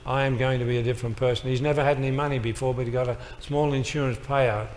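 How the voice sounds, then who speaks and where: A man's voice: medium pitch, fairly even intonation, fast talker, darkish tone. A man speaking to a live audience as a motivational speaker, telling stories with emphatic, punchy one-liners. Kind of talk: storytelling speech to an audience. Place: large hall with a live audience. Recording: reverberant hall with faint noise.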